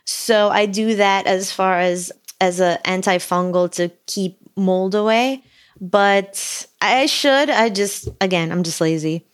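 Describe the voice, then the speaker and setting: A woman co-hosting a podcast, upbeat and animated in casual conversation. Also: mid-range voice, takes it slowly, smooth. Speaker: podcast co-host. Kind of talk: casual chat.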